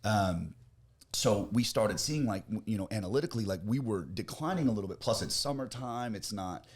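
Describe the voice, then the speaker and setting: Brash, cursing young guy from Florida, lowish voice, loud boasts that drop to quiet. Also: expressive, fairly quick. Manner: brash, boastful, swears a lot, swings from loud to low. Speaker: podcast host, business owner. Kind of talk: casual chat.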